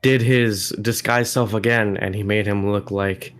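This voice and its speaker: Guy at the game table, lowish voice, lots of likes and uhs. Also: fairly even intonation, a little slow, fairly bright tone, faint music behind. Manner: loose and filler-heavy. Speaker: player. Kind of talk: casual chat at a game table.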